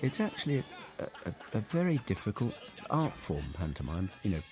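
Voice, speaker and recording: A man's voice: on the low side, sing-song, fairly quick, music in the background. An older man, an actor, chatting casually on a film commentary, rambling and repeating words as he thinks. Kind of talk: relaxed commentary chat. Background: film soundtrack playing.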